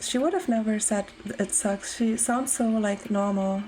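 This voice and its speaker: A woman's voice: medium pitch, normal speed, darkish tone, soft background music. A young woman streamer chatting casually and giggling while she plays a game and answers chat. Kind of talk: casual let's-play commentary.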